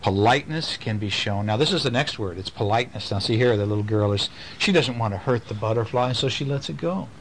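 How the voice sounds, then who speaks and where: A man, a father, reading a picture book aloud to his children at home, gentle and playful with lively sing-song emphasis. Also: on the low side, brisk, hardly any pauses, slight background noise, low-quality recording. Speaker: father reading a bedtime story.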